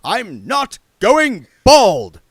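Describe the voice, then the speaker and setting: A man reading aloud and voicing a loud, impatient wizard chief who blusters and barks his lines. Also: fairly high pitch, sing-song, normal speed, dry recording, voice pushed up. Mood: indignant. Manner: bellowing, indignant.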